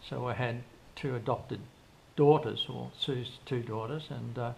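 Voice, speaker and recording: Speaking unhurriedly, an older man in a casual interview tells long, wandering stories, restarting often and quoting what people said. His creaky voice is medium in pitch with fairly even intonation, and faint background noise runs underneath.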